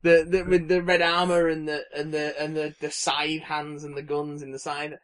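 A man's voice: fairly high pitch, flat delivery, normal speed, fairly bright tone. A man co-hosting a casual chat show, swearing freely and often restarting his sentences. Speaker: podcast co-host.

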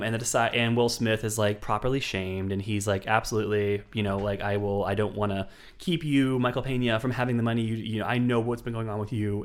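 A man co-hosting a podcast, casually retelling a film's plot with lots of ums and asides. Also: on the low side. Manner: rambling plot retelling with many fillers. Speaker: podcast co-host. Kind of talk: casual chat.

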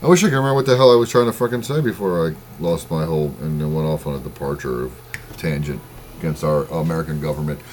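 Man, podcast co-host, very low voice, profane, rambling casual chat. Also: quick pace, darkish tone, a little hiss or hum. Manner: rambling, profane, loses his train of thought.

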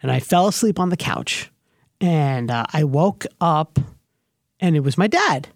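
A man's voice: on the high side, animated, measured pace, no echo, studio quality. A man hosting a radio show, telling a personal story in a rambling, hesitant way full of restarts. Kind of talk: casual storytelling chat.

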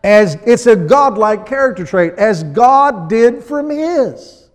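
Male pastor, high voice, animated sermon, acts out little scenes, long hall reverb. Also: takes it slowly. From USA.

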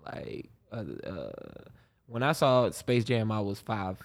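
A man's voice: lowish voice, lively intonation, takes it slowly. A man in his thirties co-hosting a podcast, teasing his partner and laughing often in casual slang. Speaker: podcast co-host. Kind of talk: casual chat.

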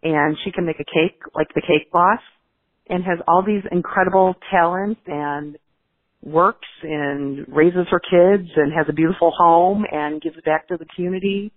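A woman from Chicago calling in to a radio show, gushing warmly about a friend. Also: fairly low pitch, fairly even intonation, normal speed. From Chicago, USA. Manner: warm, gushing praise of a friend. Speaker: caller. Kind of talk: call-in message. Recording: tinny phone line.

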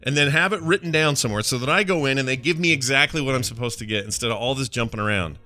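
A man's voice: medium pitch, rapid-fire, sharp tone, soft background music. A man co-hosting a podcast, chatting casually and ranting in exasperation with jokes thrown in. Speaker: podcast co-host. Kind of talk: casual chat.

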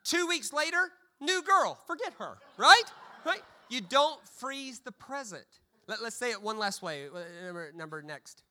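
A man preaches a sermon in a high-pitched voice. His tone is bright and sharp. He leans on humorous storytelling and often repeats words as he stammers. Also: big pitch swings, measured pace.

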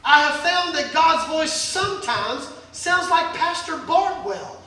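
A man's voice: extremely high pitch, expressive, takes it slowly, bright, forceful tone, very echoey, far from the mic, low-quality recording. A male pastor preaching a sermon in a church, folksy and joking, acting out Bible scenes. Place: church sanctuary.

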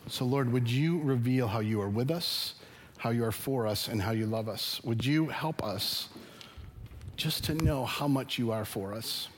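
A man's voice: medium pitch, a little slow, slight background noise. Earnest middle-aged male pastor preaching. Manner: earnest, conversational preaching with rising emphasis. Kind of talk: sermon. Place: church sanctuary.

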